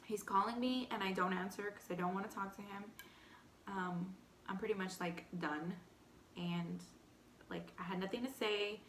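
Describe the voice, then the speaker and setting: A woman's voice: mid-range voice, moderate pace, roomy sound, a little hiss or hum. Chatty young woman telling a story. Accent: Texan. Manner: candid, animated storytelling with frequent "like". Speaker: vlogger. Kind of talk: storytime eating show chat.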